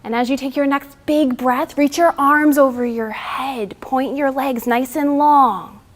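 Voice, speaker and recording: Young woman, mindfulness instructor, slightly high voice, gentle guiding cues. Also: steady tone, unhurried. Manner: gentle, soothing spoken cues. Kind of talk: guided mindfulness and stretching session.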